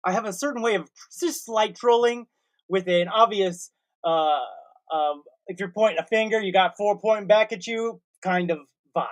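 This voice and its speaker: A man's voice: high voice, normal speed. Rambling, laughing man hosting a chat. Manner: laughing, rambling, self-mocking. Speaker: host. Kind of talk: casual chat.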